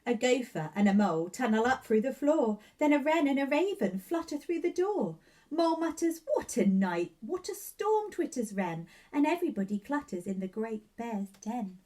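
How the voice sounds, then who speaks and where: Expressive woman reading a children's story. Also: on the high side, moderate pace. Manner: expressive, rhythmic sing-song reading. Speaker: nursery staff reader. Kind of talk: children's storybook read-aloud.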